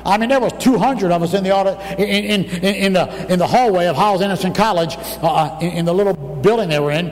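A man preaching a fervent sermon, telling a story and breaking into shouts at its high points. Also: quick pace, few pauses. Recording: distant mic, long hall reverb, faint room noise.

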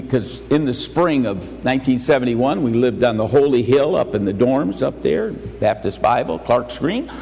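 An older man preaching an anniversary sermon, emphatic, slowing and rising for key lines. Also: a little high, creaky, darkish tone, in a large hall, low-quality recording. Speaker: pastor.

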